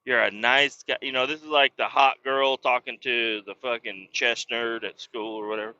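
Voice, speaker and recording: A man's voice: medium pitch, steady tone, moderate pace, few pauses, sharp tone, muffled recording. A man, a truck driver, hosting a podcast and telling a rambling story in casual, profane talk, raising his voice when he quotes people.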